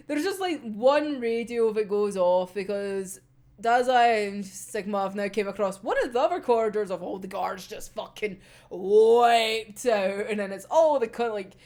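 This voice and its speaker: A woman casually recapping an anime episode, giggling often, swearing freely and acting out the characters' lines. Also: fairly high pitch. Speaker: anime discussion vlogger.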